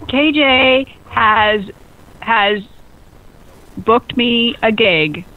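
A woman hosts a radio talk show, excitable and bubbly, often breaking into laughter. Her voice sits a little high and comes through lo-fi, phone-like radio audio. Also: very slow, long pauses. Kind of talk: casual radio chat.

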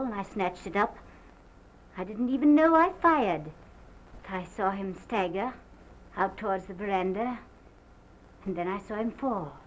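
An actress playing a distraught young wife who recounts a violent night in a halting, theatrical manner, from an early sound film drama. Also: female voice, medium pitch, close to an everyday voice. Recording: dull lo-fi early film soundtrack with faint hiss.

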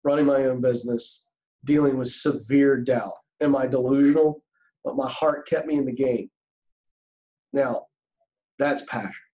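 Middle-aged male podcast guest, warm dark tone, earnest and emphatic, slightly muffled lo-fi recording. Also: mid-range voice, fairly even intonation, measured pace, pauses often. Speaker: career coach guest. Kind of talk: podcast interview.

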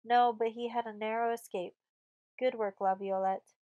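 A woman's voice: fairly high pitch, fairly even intonation, normal speed, mellow, dull audio, natural voice. A woman reading an audiobook voices a brave fourteen-year-old girl who gives orders in a commanding way.

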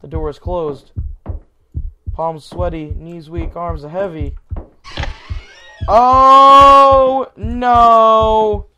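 A man's voice: a little high, flat delivery, slow, pauses often, darkish tone, lo-fi sound, soft background music. A man giving casual horror gameplay commentary, jumpy, swearing often and talking to the game's characters. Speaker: gaming YouTuber.

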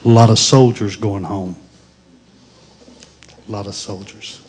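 A middle-aged pastor preaching a Pentecostal sermon, moving from grief to fervent praise. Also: male voice, lowish voice, fairly even intonation, measured pace, slight background noise. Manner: grieving then rising to fervent shouted praise.

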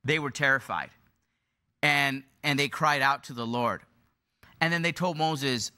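A man's voice: on the high side, normal speed, sharp tone. A middle-aged male pastor preaching a sermon, repeating phrases for emphasis and building in intensity.

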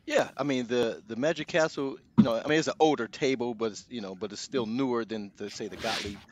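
A man's voice: medium pitch, fast, background noise. A man co-hosting a gaming podcast, rambling with many restarts and "you know"s. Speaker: podcast co-host. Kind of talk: casual podcast chat.

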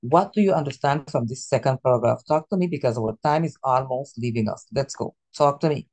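Female teacher, lively and coaxing, drills pronunciation. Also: rumbling low, fairly quick. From Latin America. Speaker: Spanish teacher. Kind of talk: classroom teaching.

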